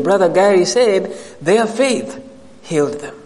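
A man preaching a sermon with animated, rising emphasis, his voice sitting a little high for a man. He presses his points with direct questions to the congregation. The sound carries a long hall reverb. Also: a little slow.

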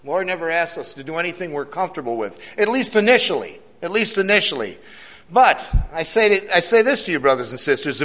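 A church elder gives an earnest sermon testimony, his fairly high, slightly bright voice swinging widely in pitch as he talks a little fast. He repeats key lines and asks the congregation questions, under the long reverb of a church hall.

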